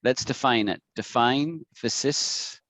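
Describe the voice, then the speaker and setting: A man teaching an online English lesson, patiently repeating words slowly for his students to practice. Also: medium pitch, fairly bright tone, no room sound. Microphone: video call.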